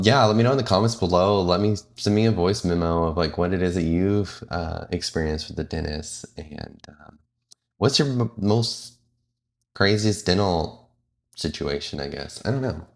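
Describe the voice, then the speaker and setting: A man who works as a flight attendant, talking casually and candidly in a vlog, rambling with lots of fillers and self-corrections. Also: low voice.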